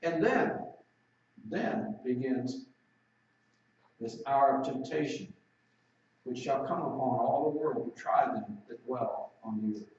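A man delivers a sermon in a raised-pitch voice, stretching out scripture passages for emphasis. The sound is heavily echoey and picked up from a distance. The recording is dull and lo-fi. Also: a little mellow. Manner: preaching with emphatic, drawn-out scripture reading. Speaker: preacher. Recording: roomy echo, distant mic, dull lo-fi sound.

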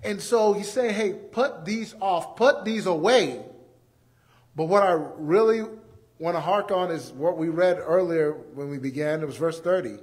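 High-voiced, animated male preacher. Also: unhurried. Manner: animated, acts out everyday scenes; repeats key phrases for emphasis. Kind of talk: sermon.

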